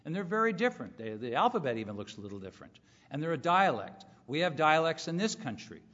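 A man's voice: fairly high pitch, very animated, fast talker, fairly bright tone. A man from California preaching a sermon to a congregation in an earnest teaching tone, with emphatic rises. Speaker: pastor. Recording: muffled hall with long reverb.

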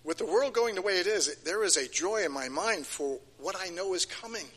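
A man's voice: sits high, lively intonation, a little fast, a bit bright, slightly rough. An older man giving a sermon, emphatic and repeating key phrases, his voice rising and falling. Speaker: preacher. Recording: long hall reverb.

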